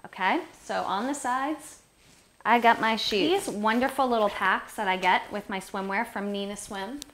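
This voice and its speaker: A woman's voice: medium pitch, normal speed, fairly bright tone. A woman in a how-to video, walking the viewer through her packing step by step.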